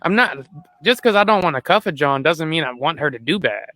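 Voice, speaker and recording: Blunt, profane man with a higher voice. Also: brisk, dry recording. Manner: blunt, profane, animated storytelling. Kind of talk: casual chat.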